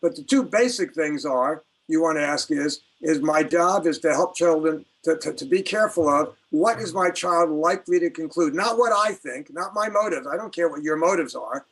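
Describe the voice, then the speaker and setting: Emphatic higher-voiced older man. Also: moderate pace, few pauses, fairly bright tone, rough recording. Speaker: guest. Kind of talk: conversational interview.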